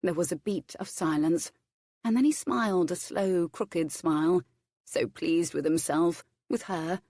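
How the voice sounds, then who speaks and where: Woman narrator for a romance audiobook, lowish voice, measured, dry studio sound. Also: dark tone, no room sound.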